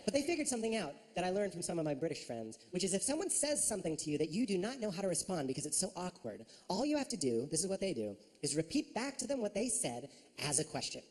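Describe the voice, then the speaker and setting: Animated high-voiced male stand-up comic. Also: fast talker, hardly any pauses, long reverb tail. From United States. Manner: animated, does silly voices and sound effects. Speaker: stand-up comedian. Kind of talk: stand-up comedy set. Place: comedy club stage with live audience.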